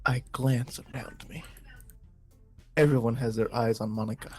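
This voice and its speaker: A man hosting a let's play, reading the game's narration aloud in a drawn-out way between casual comments. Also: medium pitch, lively intonation, darkish tone, slightly rough, soft background music. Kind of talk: reading game text aloud and chatting.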